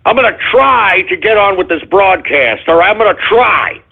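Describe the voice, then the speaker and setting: A male radio show host with a hoarse voice, ranting in exasperation with shouted outbursts, curses and apologies. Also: sits high, lively intonation, normal speed. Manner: curses, then apologizes for cursing. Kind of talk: ranting call-in radio monologue. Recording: tinny phone-like lo-fi audio.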